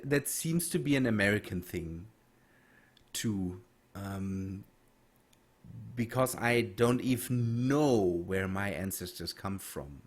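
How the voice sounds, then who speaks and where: Slow, halting male game streamer. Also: low voice. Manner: halting, many restarts and fillers while reading chat. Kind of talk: casual gameplay stream chat.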